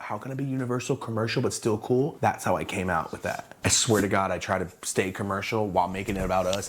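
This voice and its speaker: A man in his thirties tells a story in a casual, slangy way. His voice sits fairly low, and he keeps leaping up in pitch to play the other people in the tale. It feels like talking straight to his viewers. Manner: animated, slangy, acts out other people's lines with sudden jumps in pitch. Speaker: streetwear brand owner telling a story.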